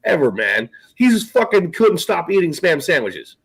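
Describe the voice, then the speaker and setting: A man's voice: on the high side, sing-song, normal speed, gravelly, husky, rough recording. A man co-hosting a casual talk show, rambling through stories and swearing often. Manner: rambling, swears freely, trails off. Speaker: podcast co-host. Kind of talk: casual chat.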